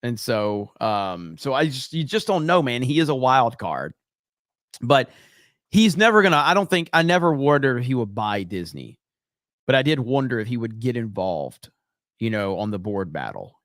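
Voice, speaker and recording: A man's voice: mid-range voice, very animated, normal speed, fairly bright tone, no room sound, clean studio sound. A man from Alabama, co-hosting a livestream and chatting casually, swearing freely and reading out viewer comments. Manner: loose, profane, reads chat aloud. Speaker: livestream co-host. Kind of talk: casual profane stream chat.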